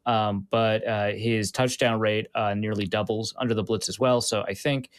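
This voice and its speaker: A man's voice: on the low side, fairly even intonation, moderate pace, no echo. Man reading off stats with many fillers. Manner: stat-heavy, many "uh" and "um" fillers. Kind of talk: casual football analysis chat.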